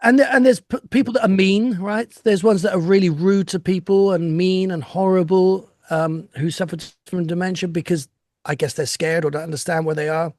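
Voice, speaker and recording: A man's voice: high-pitched, steady tone, normal speed, a little mellow, no room sound, clean studio sound. An older man speaking reflectively over a video call from home as an interview guest, with laughs and restarts. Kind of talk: casual chat.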